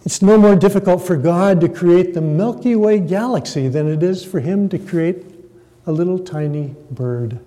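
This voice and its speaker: A man's voice: high-pitched, moderate pace, mellow. A man preaching a sermon, dramatically stressing words and polling the audience for a show of hands. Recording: echoey hall reverb.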